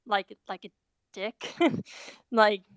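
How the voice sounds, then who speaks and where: A woman's voice: medium pitch, drawn-out words, dry recording. A woman on a fan discussion panel who talks hesitantly, filling her sentences with um and like. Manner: hesitant, full of um and like. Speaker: podcast panelist.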